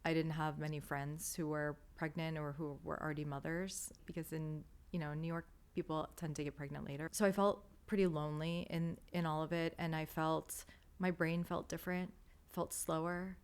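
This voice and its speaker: A woman's voice: low-pitched, level tone, normal speed, clear, resonant tone. A woman in her thirties, a podcast guest, telling a candid, emotional story with many fillers.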